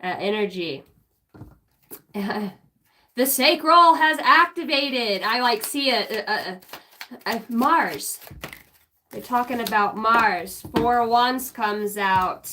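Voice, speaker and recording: A woman's voice: medium pitch, slow pace, long pauses, a bit bright. A woman on a casual spiritual livestream, rambling, giggling often and humming bits of songs as she goes.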